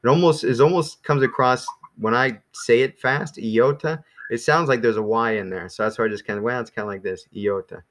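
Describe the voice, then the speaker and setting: A man teaching a small class in a relaxed, rambling way, with many ums and restarts. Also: medium pitch, fairly quick, few pauses. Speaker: Greek teacher.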